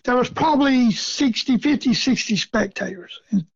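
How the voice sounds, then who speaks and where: A man's voice: extremely high pitch, expressive, normal speed, gravelly, husky, no echo. A middle-aged man telling a story in a casual interview, folksy and chuckling often, with rural grammar. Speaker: rabbit hunting guest. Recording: dull lo-fi sound.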